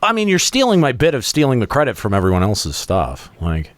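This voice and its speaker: A man's voice: mid-range voice, wildly swooping pitch, fairly quick, no room sound. A man hosting a casual gaming podcast, ranting in a brash, profane, mock-outraged way. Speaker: podcast host.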